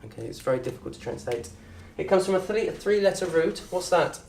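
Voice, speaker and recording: A man with a southern English accent teaching an Arabic course in a lecture room. He talks in a lively way, quizzes the audience and acts out little scenes. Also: high voice, fast talker, gravelly, a little hiss or hum. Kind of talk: lecture to an open day audience. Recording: roomy echo from a distant mic.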